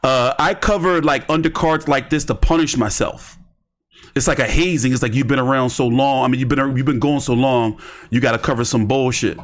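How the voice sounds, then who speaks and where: A man's voice: medium pitch, fairly even intonation, a little fast. A man giving rambling, slangy commentary on boxing during a casual live stream. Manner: rambling, slangy, talks to himself while browsing.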